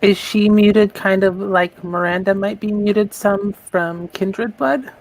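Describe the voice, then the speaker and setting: A player in a tabletop role-play game, speaking slowly and deliberately and asking many questions. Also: mid-range voice, fairly even intonation, poor audio. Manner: slow, deliberate, asks questions.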